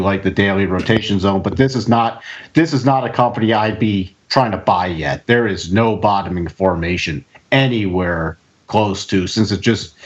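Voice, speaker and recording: A man's voice: lowish voice, muffled recording. A man hosting an investing podcast who reads out earnings figures and comments on stock charts in a casual way. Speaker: podcast host.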